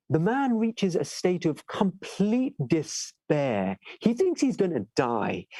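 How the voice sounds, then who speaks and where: A man giving a sermon, telling stories with animated delivery and asking listeners "right?" as he goes. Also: a little high, a little slow, no echo, rough recording. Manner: animated storyteller, acts out voices in tales. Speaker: shaykh giving a majlis lecture. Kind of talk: sermon with storytelling.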